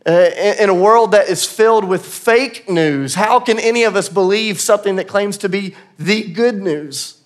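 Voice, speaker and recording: A man's voice: high voice, moderate pace. A man giving a church sermon in a conversational, earnest way, sometimes laughing at himself. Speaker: pastor. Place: church auditorium.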